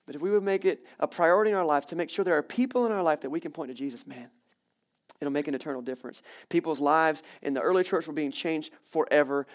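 A male pastor giving a sermon in a church, speaking with energetic, conversational preaching full of casual fillers, then closing in prayer. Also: fairly high pitch. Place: church hall with congregation.

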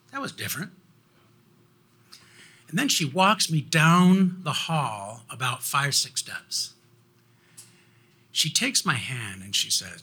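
A man telling a personal story in an animated way, laughing often and restarting his sentences. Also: medium pitch, breathy edge.

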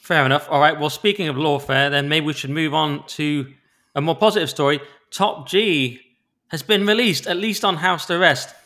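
A man co-hosting a podcast in casual chat. He is quick, animated and opinionated, and often restarts his sentences. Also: fairly high pitch. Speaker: podcast co-host.

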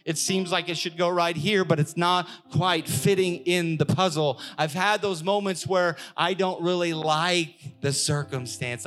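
A young man preaching a sermon as pastor, lively and acting out voices now and then. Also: on the high side, unhurried, hardly any pauses, faint music behind. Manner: animated, acts out voices of God and worshippers.

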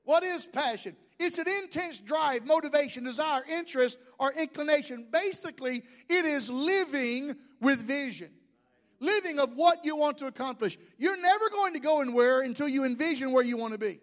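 A man's voice: very high voice, expressive, normal speed. A man, a pastor, preaching a sermon with jokes and asides to the congregation.

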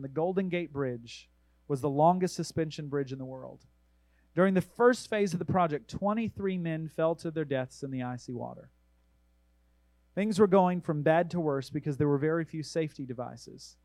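A man pastor delivering a sermon, preaching earnestly with emphatic exhortations and reading scripture aloud in a measured way. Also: on the high side, darkish tone, no echo, rough recording.

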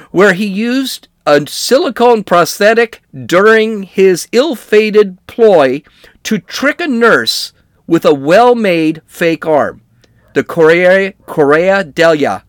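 A man's voice: high voice, no echo, studio quality. A middle-aged man hosting a podcast, reading news stories and riffing on them with wry, sarcastic asides. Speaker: podcast host. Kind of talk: comedic news commentary.

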